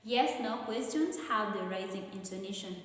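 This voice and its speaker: A woman with a Kenyan accent, teaching an exam revision lesson and explaining each point slowly and with repetition. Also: mid-range voice, expressive, a bit bright. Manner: slow, deliberate explaining with repetition. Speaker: English teacher. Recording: very echoey room with long reverb.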